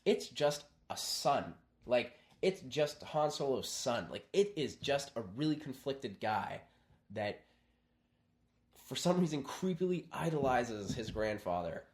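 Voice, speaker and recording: A young man co-hosting a casual podcast, chatting about films and acting out lines in quick put-on voices. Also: medium pitch, very animated. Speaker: podcast co-host. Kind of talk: casual chat.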